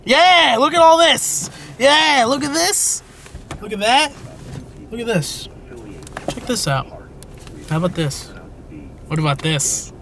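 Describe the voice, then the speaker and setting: A young man chats as a co-host in a goofy, hyper way. His voice sits high and swoops all over, jumping into loud excited yelps. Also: slow, long pauses, slight background noise. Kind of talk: casual comedic chat.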